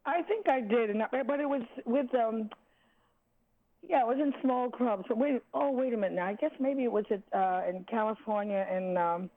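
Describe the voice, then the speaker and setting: An older woman, a jazz singer, reminiscing in an interview, halting and searching for words with many restarts. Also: on the high side. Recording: tinny phone line.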